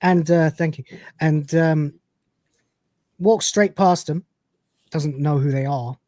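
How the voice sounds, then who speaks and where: A man's voice: a little high, slow pace, darkish tone, no echo. A man hosting a podcast, recapping a TV episode in a chatty, rambling way and laughing often. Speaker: podcast host.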